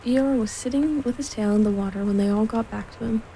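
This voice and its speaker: A woman narrating a storybook aloud in a gentle, measured way. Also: on the high side, gravelly, a little hiss or hum, poor audio. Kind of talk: storybook reading.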